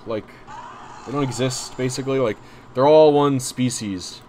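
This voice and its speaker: A man's voice: medium pitch, moderate pace, a little mellow, slight background noise. A young man chatting casually on a livestream, rambling and self-deprecating as he talks to viewers. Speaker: streamer.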